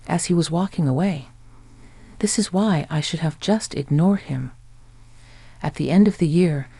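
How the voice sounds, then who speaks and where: Guy reading out a story, gravelly and husky, dry close sound. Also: on the high side, warm tone, no room sound. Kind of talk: scripted first-person narration.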